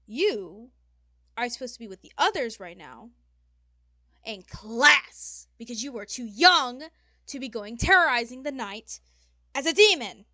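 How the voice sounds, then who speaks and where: A cranky, foul-mouthed demon lady snaps and shouts , as a woman puts her on. Her voice is bright and forceful, with rising outbursts. The sound is close and dry, with no room around it. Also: a little high, lively intonation, unhurried, dry recording, pitched above the performer's own voice, full character voice. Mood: scolding. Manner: swearing, loud and snappish.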